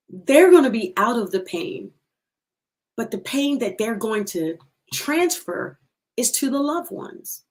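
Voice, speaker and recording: With a slightly high, somewhat mellow voice, a middle-aged woman gives a slow, heartfelt testimony on her livestream, echoing phrases for emphasis as her voice occasionally cracks with emotion.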